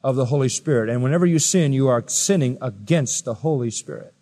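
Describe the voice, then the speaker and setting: A preacher delivering a sermon, firing rhetorical questions at listeners, swinging from loud high exclamations to quiet low asides. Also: male voice, brisk, in a large hall. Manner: emphatic, rising to loud high-pitched exclamations then dropping quiet.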